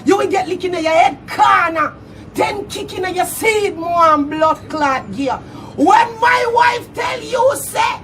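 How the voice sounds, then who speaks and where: A Jamaican man in a shouty patois diss rant, laughing loudly between threats. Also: very high voice, a little slow, far from the mic, a little hiss or hum. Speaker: social media personality. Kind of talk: angry diss rant to camera.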